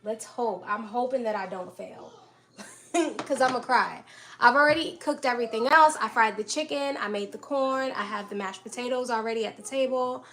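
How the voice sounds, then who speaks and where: A woman's voice: fairly high pitch, moderate pace, fairly bright tone, rough recording. A young woman hosting a casual cooking live stream, chatting with viewers by name and laughing often as she cooks in her home kitchen. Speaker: livestream host cooking dinner. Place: home kitchen with pots and dishes clattering. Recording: kitchen clatter and household noise in background.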